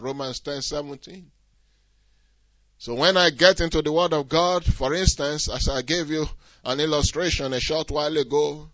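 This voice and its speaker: A man's voice: on the high side, no room sound. Emphatic male preacher, dull lo-fi sound. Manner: emphatic, rising to loud exhortation, rhetorical questions. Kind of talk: sermon.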